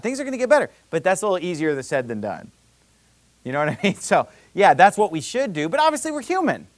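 Animated preacher man, lively delivery. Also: high voice, dry recording. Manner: animated, conversational preaching with rhetorical questions. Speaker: pastor. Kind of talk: sermon.

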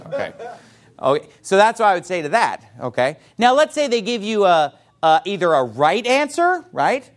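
Guy teaching church folks how to witness, high voice, bounces around a lot. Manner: animated, acts out quoted replies in varied voices. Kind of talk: teaching church members on soul-winning.

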